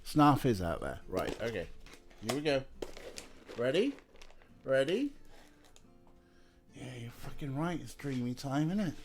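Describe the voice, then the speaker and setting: A man's voice: mid-range voice, very animated, a little slow, pauses often. Chill guy streaming, swears a bit, bouncy voice, faint music behind. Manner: chatty, swears casually, talks to his cats. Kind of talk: casual live-stream chat.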